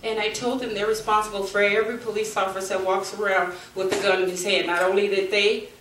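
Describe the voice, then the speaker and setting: A middle-aged woman giving heartfelt public testimony at a community forum, speaking earnestly and haltingly, at times turning forceful. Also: medium pitch, little pitch movement. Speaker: bereaved mother speaking at a forum. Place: community meeting room. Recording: echoey room, from far off, faint noise.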